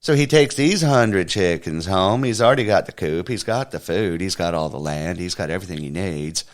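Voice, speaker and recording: A man with a very deep voice hosts a comedy show and tells a long shaggy-dog joke. His delivery is slow, rambling and folksy. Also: animated. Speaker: comedy podcast host. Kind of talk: joke storytelling.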